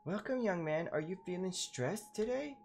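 A polite, eager woman welcoming customers, with a sweet, inviting manner. A man voices her. The pitch sits higher than his usual. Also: expressive, moderate pace, a little mellow, faint music behind.

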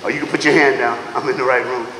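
A man giving a motivational speech to students, animated, calling out to the crowd, laughing often and swinging from loud to hushed. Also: medium pitch, fast talker, a little hiss or hum. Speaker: motivational speaker. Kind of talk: school assembly motivational speech. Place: large school auditorium or gym. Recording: echoey hall with long reverb.

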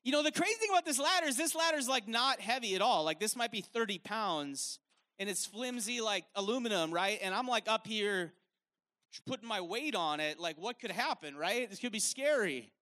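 High-pitched, bright-voiced male preacher. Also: animated, fairly quick. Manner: casual, filler-heavy, emphatic. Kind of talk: live sermon. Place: stage at a worship event.

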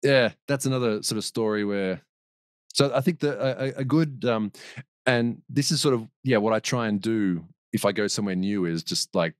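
A man's voice: fairly low pitch, moderate pace, no room sound. Man telling stories, dry close sound. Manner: rambling, with restarts and laughs. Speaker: podcast guest. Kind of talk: casual storytelling.

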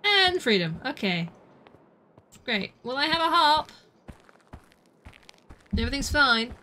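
A woman streamer giving live gameplay commentary, chatty and self-narrating, breaking into excitable yelps. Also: sits high, slow pace, poor audio. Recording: background noise under voice.

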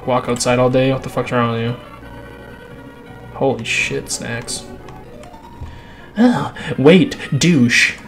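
Profane, sighing let's play host. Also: male voice, mid-range voice, flat delivery, a little slow, long pauses, a bit bright. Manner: profane, crass, sighing often. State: out of breath. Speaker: gaming channel host. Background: game music.

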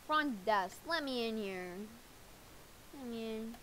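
A woman giving casual, jokey gameplay commentary with excitable reactions. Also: a little high, slow pace, long pauses, a little hiss or hum, poor audio. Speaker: gamer.

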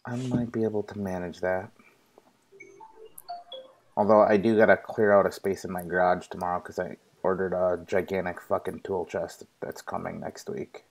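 A man in a casual group chat, relaxed and swearing casually. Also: deep voice, normal speed.

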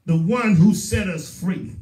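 A man's voice: sits high, slow, a little mellow. A male pastor with a Southern US accent, preaching a sermon with emphatic repetition. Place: church sanctuary. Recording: roomy echo, voice from far off.

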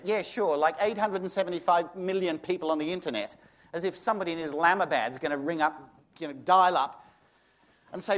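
A man's voice: high-pitched, normal speed. An Australian man giving a live seminar to an audience, combative and sarcastic, firing off rhetorical questions. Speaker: seminar presenter.

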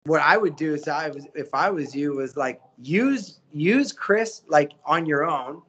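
A middle-aged voice actor chatting as a guest, animated and motivational, often acting out the quotes he tells. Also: fairly high pitch, unhurried, breathy edge, highs cut off. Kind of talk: casual interview chat.

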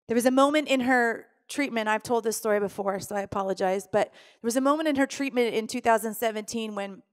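A middle-aged woman pastor preaching a sermon, telling a personal story with strong emotion and acting out her own pleading prayers. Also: a little high.

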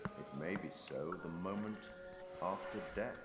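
An actor playing a mysterious, wry curator who narrates a game in a measured, musing way. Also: male voice, low-pitched. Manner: measured, musing, dryly amused. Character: mysterious ageless male curator, wry and theatrical. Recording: echoey with loud music.

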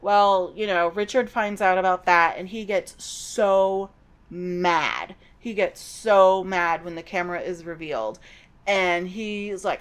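A woman's voice: mid-range voice, steady tone, unhurried, clean tone. Chatty middle-aged woman recapping a book. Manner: chatty and digressive, with personal asides. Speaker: podcast host recapping a novel.

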